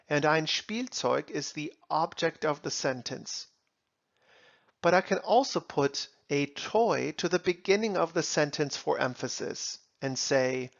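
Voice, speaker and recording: A German teacher explaining word order outdoors in a park, slowly spelling out example sentences. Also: medium pitch, vocal fry, dull audio. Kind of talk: language lesson explanation.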